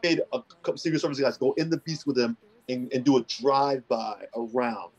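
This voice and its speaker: Man, podcast co-host, husky voice, slangy, animated storyteller. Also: medium pitch, fairly quick, lo-fi sound. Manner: animated storyteller, slangy, says "bro" a lot. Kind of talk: casual chat.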